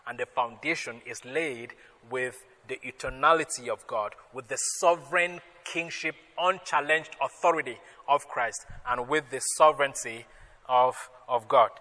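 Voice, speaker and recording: A male pastor preaching a sermon, emphatic and rising loudly when he quotes scripture. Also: mid-range voice, normal speed. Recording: long hall reverb.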